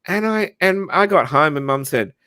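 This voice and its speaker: A man's voice: a little high, expressive, normal speed, bright, forceful tone, no echo, clean studio sound. An Australian man telling a long anecdote in casual livestream chat, rambling with restarts and frequent swearing. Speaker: livestream host.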